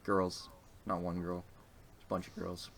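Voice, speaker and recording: A man's voice: deep voice, monotone, measured pace, gravelly, fairly bright tone, a little hiss or hum. A young man co-hosting a casual podcast chat. He rambles, hesitates and swears often. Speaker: podcast co-host.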